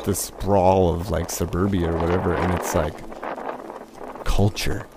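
A man's voice: low voice, little pitch movement, a little slow, background noise. A man from California casually telling a rambling, profane personal story, full of fillers and acted-out quotes. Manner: acts out quotes in a raised, mocking voice.

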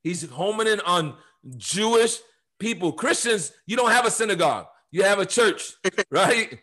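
A man teaching the Bible on a podcast, emphatic and preachy, reading scripture aloud and sometimes rising to shouts. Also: high voice, expressive, a little slow, husky.

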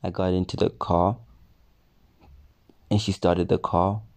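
A young man tells a storytime tale in an unhurried, low voice. His tone is dark and relaxed, and he swears freely as he acts out the people in the story. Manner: swearing, animated retelling with quoted voices. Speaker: storyteller vlogger. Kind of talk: casual storytime.

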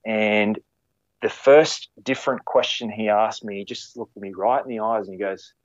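A man with a lowish voice tells stories about his ski patrol years in a halting, conversational way, full of fillers, restarts and backtracking, and he acts out quoted lines. His intonation is fairly even. The sound is dry, a little muffled, with no echo.

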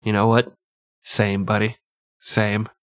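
A man's voice: fairly low pitch, flat delivery, slow pace, clean tone, no echo. A man with a nasal voice co-hosting a podcast, telling history as crude, irreverent comedy. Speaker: podcast co-host. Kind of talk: comic history storytelling.

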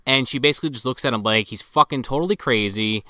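Man, casual movie podcast, bright forceful tone, smooth clear voice. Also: medium pitch, fast, no room sound, studio quality. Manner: corrects others, recaps plot plainly. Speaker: podcast co-host.

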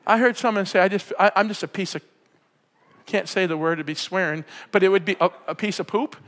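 A man preaching a sermon, fervent and often yelling with excitement. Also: high voice, a little fast. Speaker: pastor. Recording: preacher in a hall with long reverb.

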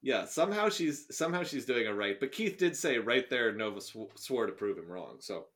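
Animated, bright-voiced man chatting. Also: medium pitch, a little fast. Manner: animated, laughing, stammering restarts, sarcastic. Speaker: podcast co-host reading a story aloud. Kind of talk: casual chat about a story.

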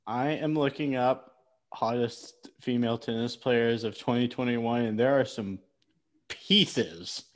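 A man's voice: mid-range voice, measured pace. A man co-hosting a casual podcast chat, cutting in with jokes and teasing his friend. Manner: teasing, joking, cuts in. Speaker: podcast co-host.

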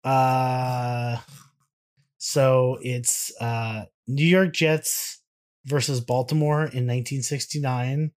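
A man's voice: medium pitch, flat delivery, slow. A man co-hosting a podcast in casual chat, rambling with restarts and laughing easily. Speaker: podcast co-host.

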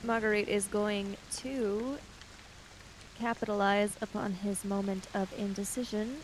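A woman's voice: mid-range voice, fairly even intonation, a little slow, noisy background. A woman player in a tabletop game, casually describing her character's actions while thinking aloud.

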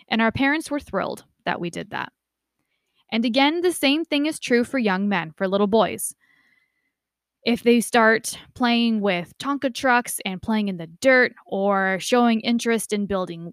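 A young woman giving a casual lecture, conversational and lively when she imitates relatives. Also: a little high, no echo, clean studio sound. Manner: conversational, animated quoting of family voices. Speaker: instructor.

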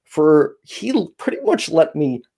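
Male podcast host, rambling and candid, gravelly voice with lots of pitch movement. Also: very animated, a little slow, dark tone. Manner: rambling storyteller, loose and candid. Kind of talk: casual chat.

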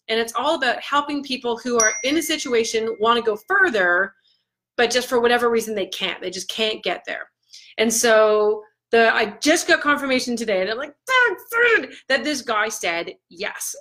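Bright, excited woman vlogging. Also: a little high. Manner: excited and chatty, with many ums and restarts. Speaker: author and motivational vlogger. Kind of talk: casual motivational talk to camera.

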